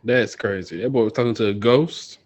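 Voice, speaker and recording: A man's voice: on the low side, a little fast. A man co-hosting a casual podcast, throwing in short reactions and playful quips. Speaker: podcast co-host. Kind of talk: casual chat.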